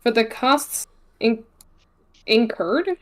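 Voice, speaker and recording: A woman's voice: fairly high pitch, slow pace. A woman, a player, giving an easygoing recap of the last tabletop session. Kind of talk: casual recap of a tabletop game.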